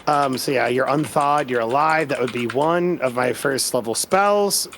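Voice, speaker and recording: A man's voice: medium pitch, moderate pace, fairly bright tone, slight background noise. A man playing a tabletop game, explaining his spells and rules with hesitant fillers. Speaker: player.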